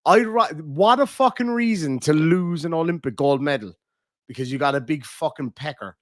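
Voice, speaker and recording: A man with a Cork accent talks loosely to his live-stream chat, trading crude, swearing banter with the viewers. His voice sits at an ordinary middle pitch and sounds close and dry, with no room around it. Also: no room sound. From Ireland.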